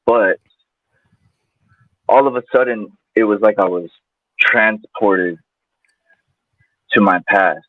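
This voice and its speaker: A man's voice: fairly low pitch, slow pace, pauses often, noisy background. A man guest telling a personal story in a loose, casual way, full of fillers. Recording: tinny phone-like line, dry.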